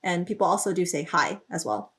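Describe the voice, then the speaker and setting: A woman's voice: fairly low pitch, sing-song, a little fast. A woman explaining song lyrics as a language teacher, thinking aloud with small fillers and lifting her voice when she reads out each lyric line. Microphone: studio microphone.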